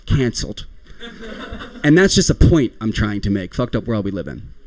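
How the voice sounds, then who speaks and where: Young man, stand-up set, self-deprecating, bouncy pitch, dry close sound. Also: big pitch swings, normal speed, a little mellow, dry recording. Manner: rambling, self-deprecating, laughs at own jokes. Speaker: stand-up comedian.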